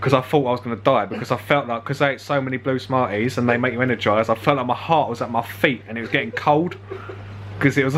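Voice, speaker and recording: A man's voice: mid-range voice, fairly bright tone, a little hiss or hum. Rambling young man, laughing often. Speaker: vlogger. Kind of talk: casual storytelling.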